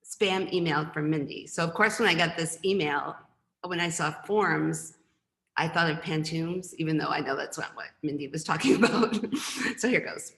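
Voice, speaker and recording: Woman poet, lowish voice, casual rambling intros, roomy echoey sound. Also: normal speed, vocal fry, fairly bright tone. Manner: chatty, rambling asides with laughs. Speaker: poet and professor. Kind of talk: poetry reading with casual asides.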